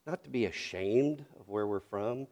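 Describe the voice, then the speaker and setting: A man's voice: fairly low pitch, normal speed, a little mellow, highs cut off. A middle-aged man from North Carolina, a pastor preaching a sermon with storytelling and earnest questions.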